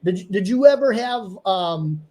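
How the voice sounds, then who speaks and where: A man's voice: high-pitched, expressive, a little slow, a little mellow. A man hosting a casual livestream chat, rambling and laughing often, sometimes muttering asides. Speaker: host.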